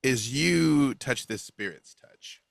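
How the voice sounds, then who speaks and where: A man's voice: medium pitch, lively intonation, slow pace, vocal fry, no echo, studio quality. A man running a tabletop role-playing game as game master, checking rules and describing scenes over a video call. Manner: explains rules, checks details aloud.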